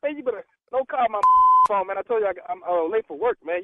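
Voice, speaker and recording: A man's voice: high-pitched, lively intonation, quick pace. A man on the phone, scoffing and mocking, laughing between his words. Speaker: prank call target. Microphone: phone line. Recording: muffled noisy phone line.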